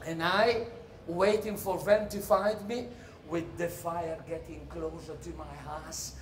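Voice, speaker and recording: A man with an Italian accent performing a comic theatre monologue in English, storytelling animatedly with sudden shouted cries. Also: slow pace, a little hiss or hum. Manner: animated storyteller, bursts into high shouted cries, laughs through lines. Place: theatre stage. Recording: roomy hall echo.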